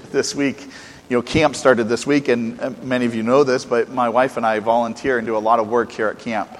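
Preacher guy getting loud then quiet, sermon in a big echoey hall. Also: medium pitch, brisk. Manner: animated, swings from loud emphasis to quiet asides. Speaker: pastor.

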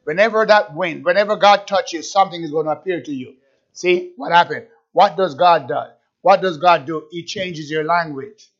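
A man's voice: fairly high pitch, moderate pace. A man preaching a fervent sermon, repeating himself and firing rhetorical questions at his listeners. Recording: dull lo-fi recording.

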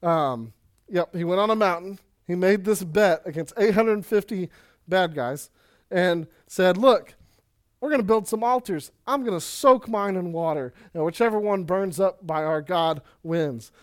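A man preaching a sermon in a casual, energetic way, with quick asides and Bible readings. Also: high voice. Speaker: pastor.

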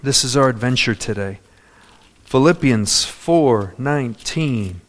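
A male preacher delivering a sermon, swinging between loud, drawn-out declarations and hushed, soft-spoken asides. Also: mid-range voice, animated.

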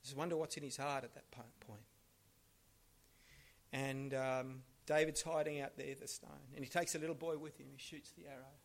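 A male preacher delivering a sermon as lively storytelling that swings between hushed and loud. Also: mid-range voice, moderate pace. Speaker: pastor.

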